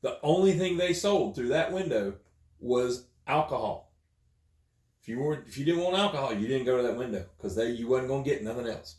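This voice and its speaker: A man's voice: medium pitch, expressive, a little fast, darkish tone, roomy sound. A man co-hosting a podcast, casually explaining his opinions. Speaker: podcast co-host. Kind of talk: casual chat.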